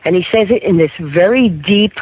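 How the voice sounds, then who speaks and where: A man's voice: sits high, animated, moderate pace, husky. Middle-aged male guest, paranormal investigator; storyteller, frequent check-ins; dull lo-fi radio audio. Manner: storytelling, keeps checking in with "okay?". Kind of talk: radio talk show interview. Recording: muffled radio broadcast.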